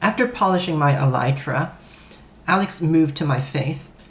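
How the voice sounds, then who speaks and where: A man narrating a first-person story in an even, matter-of-fact way. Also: on the high side, moderate pace. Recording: roomy echo.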